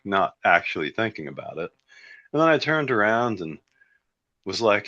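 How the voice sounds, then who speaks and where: Deep-voiced man telling a story with laughs. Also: normal speed, pushed and bright, no room sound, muffled recording. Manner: laughing, self-mocking storytelling. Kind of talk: casual storytelling.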